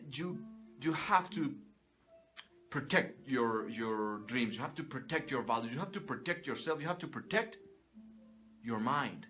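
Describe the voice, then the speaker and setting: A man's voice: on the high side, fairly bright tone. Profane, emphatic man giving motivational talk. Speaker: motivational speaker. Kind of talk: motivational monologue.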